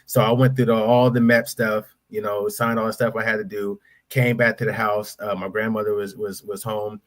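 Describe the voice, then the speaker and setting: A man's voice: fairly low pitch, normal speed. A man, a veteran guest on a podcast, telling a casual story in slangy speech with lots of repeats, acting out the people he quotes. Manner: animated storyteller who acts out the people he quotes.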